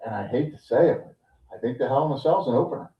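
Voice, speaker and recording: Man, podcast co-host, casual animated storytelling, off-mic, roomy, dull sound. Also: mid-range voice, fast, distant mic. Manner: animated storytelling with many fillers. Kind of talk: casual chat, recapping a wrestling show.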